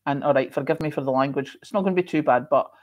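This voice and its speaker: A middle-aged Scottish woman telling stories in a casual chat, with a slightly low voice. She is chatty and expressive and leans on repeated words for emphasis. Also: quick pace. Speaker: host.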